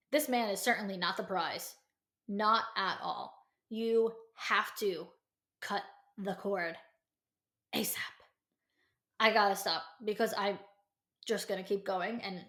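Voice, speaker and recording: A woman's voice: medium pitch, fairly bright tone, roomy sound. A young adult woman hosting a solo advice podcast, blunt and emphatic, repeating her points with tough-love force. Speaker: podcast host giving advice.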